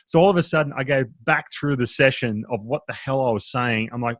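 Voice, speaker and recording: A man in his thirties co-hosts a casual podcast chat, telling stories and jumping up in pitch to act out what his friends said. His voice sits in a middle range for a man and is recorded dry, with no room sound. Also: fairly quick, no room sound. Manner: animated, acts out quoted friends in a raised voice. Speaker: podcast co-host.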